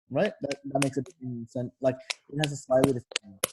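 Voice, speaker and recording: A man's voice: mid-range voice, flat delivery, brisk, slightly rough. A male tutor explaining things casually, full of "like" and "um" and correcting himself as he goes. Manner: loose, filler-heavy explaining with frequent self-corrections.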